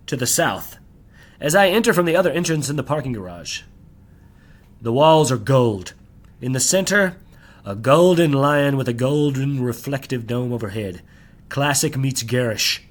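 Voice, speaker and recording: A man reading his own novel aloud in the first person, measured and descriptive, slowing on key phrases. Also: medium pitch, lively intonation.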